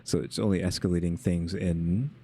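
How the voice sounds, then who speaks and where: Man, very low voice, casual reaction commentary, wry asides, faint noise behind. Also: fairly even intonation, moderate pace, mellow.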